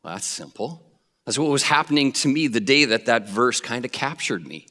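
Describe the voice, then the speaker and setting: A male preacher telling a Bible story with animated flair, acting out the voices. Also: medium pitch, moderate pace. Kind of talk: sermon. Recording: long reverb of a hall.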